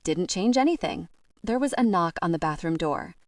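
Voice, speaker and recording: Expressive woman narrating a romance. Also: fairly low pitch, moderate pace, no echo, studio quality. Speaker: audiobook narrator.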